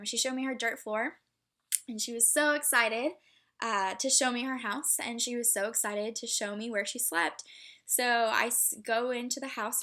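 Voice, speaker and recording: A woman's voice: a little high, sharp tone. A young woman telling a heartfelt personal story, emotional and full of fillers like "um" and "like.". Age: young adult. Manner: emotional, many fillers and restarts. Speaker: student speaker.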